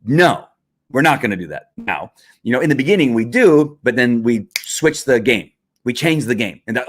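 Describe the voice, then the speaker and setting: A man's voice: medium pitch, animated, moderate pace. A man hosting a live stream, explaining dog training in a conversational, repetitive teaching manner with fillers. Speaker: livestream host and dog trainer.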